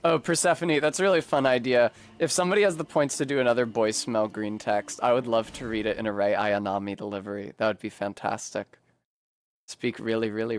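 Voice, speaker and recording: A man live-streaming a video game, chatting casually with his viewers and swearing freely between quick asides. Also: on the low side.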